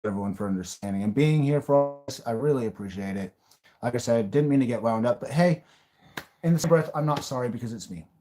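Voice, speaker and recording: A man's voice: medium pitch, quick pace, over loud music. A man hosts a live stream in a mid-range voice. He talks bluntly, rants and raves at times, and swears freely. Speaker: livestream host. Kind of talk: live-stream reaction chat.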